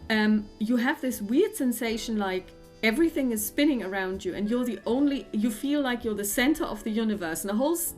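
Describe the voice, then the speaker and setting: A woman narrates as the game master of a tabletop game, describing each scene in an unhurried, halting way. Her voice sits at a middling pitch, and soft music plays underneath. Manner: descriptive, with frequent fillers and restarts.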